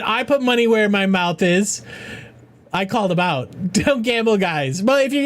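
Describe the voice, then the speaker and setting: A middle-aged man with a fairly high voice hosts a charity game stream. He talks in a loose, rambling way, swears freely and keeps restarting his sentences as he chats with his viewers. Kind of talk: casual livestream chat.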